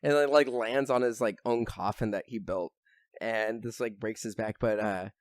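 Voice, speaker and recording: A man's voice: on the low side, fairly even intonation, moderate pace, no echo. A young man chatting on a podcast, rambling with lots of fillers and now and then swearing as he gets worked up. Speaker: podcast host. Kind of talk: casual chat.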